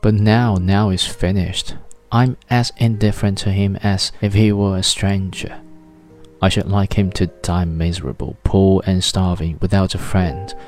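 A man voicing a bitter, vindictive betrayed wife who speaks quickly with little gasps and a trembling voice. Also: low voice, steady tone, darkish tone, soft background music.

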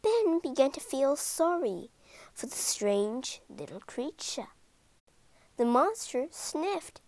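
A woman reading a children's monster story aloud, slowly and expressively. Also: sits high, dry recording. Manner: slow, expressive read-aloud.

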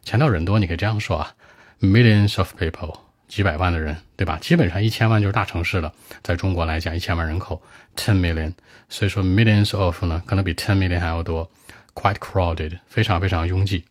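A man with a Chinese accent walks through English vocabulary for a speaking test, moving between Chinese and English and quizzing his listeners as he goes. His voice sits very low, and the sound is dry and close. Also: fairly quick, no echo. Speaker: English teacher. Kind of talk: explaining vocabulary, then reading a model answer.

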